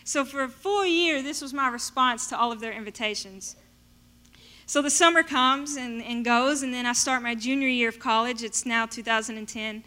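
A woman telling her personal faith testimony in an animated storytelling way. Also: fairly high pitch, normal speed. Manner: animated storytelling, acting out her past self in quotes. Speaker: speaker sharing a testimony.

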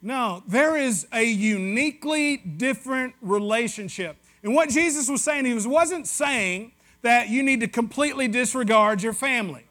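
A man's voice: very high-pitched, expressive, moderate pace, hardly any pauses, bright, forceful tone. A man with a West Tennessee Southern accent preaching a sermon in a conversational, joking way, with asides to the congregation. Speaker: pastor.

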